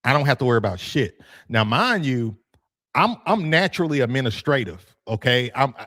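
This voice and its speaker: Animated, joking man hosting a podcast. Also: mid-range voice, normal speed. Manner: animated, joking, laughs often, swears casually. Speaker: youth football coach and podcast host. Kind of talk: casual podcast talk. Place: room with his degree on the wall.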